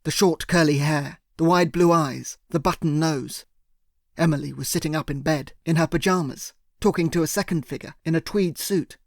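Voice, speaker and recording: A man's voice: fairly high pitch, normal speed, vocal fry, no echo, clean studio sound. Earnest man narrating. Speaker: audiobook narrator. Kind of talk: first-person audiobook narration.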